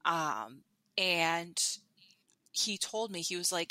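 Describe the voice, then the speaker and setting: A woman recounting a personal story on a podcast, full of fillers and quick restarts. Her voice is bright and on the lower side, recorded dry and close to the mic. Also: animated, dry recording. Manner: chatty, many fillers and restarts. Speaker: podcast guest. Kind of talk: candid storytelling.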